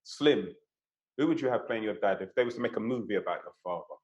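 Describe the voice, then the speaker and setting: A man's voice: fairly low pitch, expressive, fast, a little mellow, lo-fi sound. A man hosting a casual chat, putting questions to the others and telling stories. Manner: leads the talk, asks guests questions. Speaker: host.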